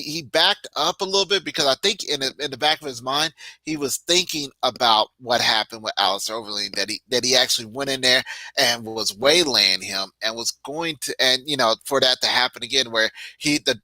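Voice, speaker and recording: A man's voice: mid-range voice, dry recording, rough recording. A man co-hosting a combat sports podcast, giving casual, emphatic opinions and stories. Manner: animated, emphatic storytelling. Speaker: podcast co-host.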